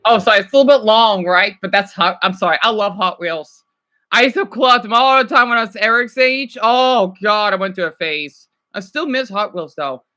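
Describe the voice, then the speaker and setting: A woman live-streaming, chatting casually to her viewers in a rambling, excitable way, full of fillers. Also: medium pitch, moderate pace.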